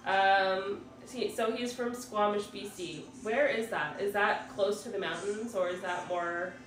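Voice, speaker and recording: This Ontario woman in her thirties runs a relaxed livestream chat, cursing freely as she reads out comments from viewers. Her voice sits mid-range with fairly even intonation and a measured pace. A distant mic in a roomy space picks up a little hiss or hum, with music behind.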